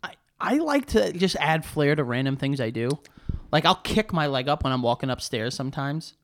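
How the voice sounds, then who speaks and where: A man's voice: on the high side, big pitch swings, moderate pace, fairly bright tone, a little hiss or hum. A young man co-hosting a podcast, rambling casually with lots of fillers and jokes. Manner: rambling, jokey, filler-heavy. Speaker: podcast co-host. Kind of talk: casual chat.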